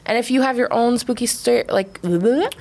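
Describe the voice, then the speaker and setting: A woman, co-hosting a podcast in casual chat, telling stories with lively quoted voices. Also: on the high side, moderate pace. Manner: animated storytelling with quoted voices. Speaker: podcast co-host.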